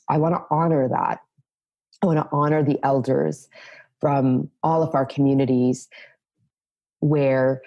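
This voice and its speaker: A woman's voice: extremely low pitch, mellow, dry recording, poor audio. A middle-aged woman as a podcast guest, speaking in an earnest, thoughtful way and often repeating words as she starts a thought. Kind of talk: reflective conversational interview.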